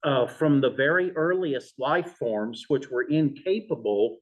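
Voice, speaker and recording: A man teaches a church class in an unhurried, halting way, full of fillers and restarts. His voice comes from some distance away from the mic. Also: mid-range voice, lively intonation. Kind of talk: classroom lecture. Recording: voice from far off in a room.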